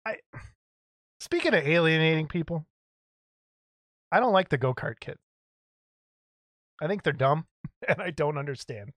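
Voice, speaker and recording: A man co-hosting a casual podcast, blunt and quick to laugh. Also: a little high, expressive, a bit bright, no echo. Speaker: podcast co-host. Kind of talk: casual banter.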